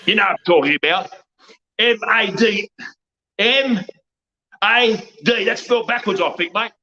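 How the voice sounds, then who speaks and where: An Australian man ranting over a video call, loud, boastful and laughing, full of slang. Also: sits high, unhurried, highs cut off. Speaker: guest, wrestling promoter. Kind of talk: rambling unhinged rant.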